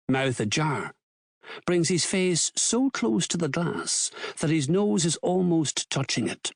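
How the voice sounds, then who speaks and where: A man reading an audiobook in a measured, unhurried way, his voice rising and falling with lively expression. The recording is dry and close, with no room sound. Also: a little high, no room sound. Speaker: audiobook narrator. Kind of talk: scripted narration.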